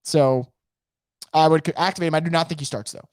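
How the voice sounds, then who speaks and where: A man hosting a casual live sports podcast from home, energetic and opinionated, rambling with frequent restarts. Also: a little high, a little fast, no echo, studio quality. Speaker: podcast host. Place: home room.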